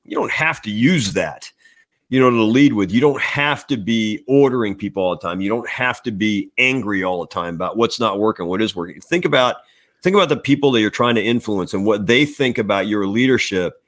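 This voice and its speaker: A man's voice: lowish voice, lively intonation, a little fast, a bit bright. A man in his sixties, a retired naval officer, answering interview questions in a reflective, plain-spoken way. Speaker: retired admiral guest. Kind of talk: casual interview chat.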